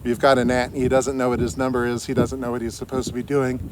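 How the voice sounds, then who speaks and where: A man's voice: medium pitch, little pitch movement, quick pace, background noise. A man talking through a book summary in a loose, conversational way, with frequent fillers and restarts. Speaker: book reviewer. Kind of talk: casual spoken book summary.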